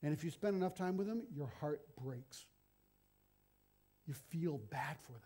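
A middle-aged man preaching a sermon, telling stories in an animated, conversational way. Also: a little high, normal speed, husky.

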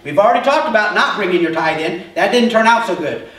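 A man's voice: sits high, expressive, fast, a bit bright. A male pastor giving a conversational sermon and often checking in with the congregation. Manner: conversational preaching, asks the congregation questions. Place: church. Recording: echoey church hall from far off.

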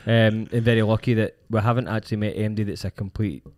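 A man's voice: fairly low pitch, steady tone, fast, darkish tone. A man with a Scottish accent co-hosting a podcast, telling rambling stories in casual chat. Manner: rambling, storytelling with restarts. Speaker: podcast co-host.

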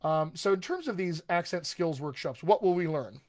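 A man's voice: on the high side, expressive, normal speed, a little mellow. A man working as a dialect coach, giving a live-streamed talk in an upbeat, conversational way and speaking straight to his viewers.

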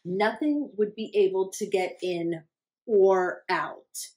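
Slow-reading woman at children's storytime. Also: medium pitch, expressive, low-quality recording. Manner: slow, deliberate reading with hushed questions to young listeners. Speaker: library storytime reader. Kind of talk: reading a picture book aloud to children.

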